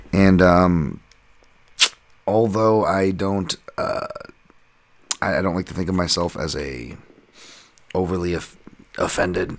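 Podcast host, man, very low gravelly voice, rambling casual delivery. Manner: rambling, goes off on tangents.

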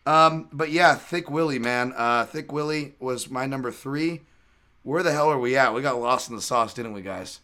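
A man's voice: mid-range voice, normal speed, bright, forceful tone. Male podcast host, casual chat, rambling storyteller with lots of fillers and restarts.

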